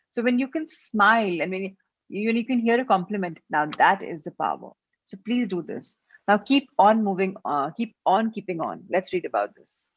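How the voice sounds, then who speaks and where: A woman's voice: medium pitch, husky, no room sound, lo-fi sound. A woman with an Indian English accent leading a self-help session, switching between English and Hindi and repeating her instructions. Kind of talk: guided self-help class.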